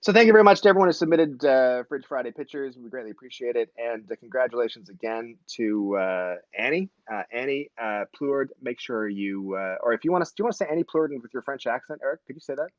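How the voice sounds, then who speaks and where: Male host, forties, joking and self-correcting; animated pitch, muffled stream audio. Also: fast, hardly any pauses, no echo. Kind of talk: casual live-stream chat. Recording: dull, lo-fi live stream.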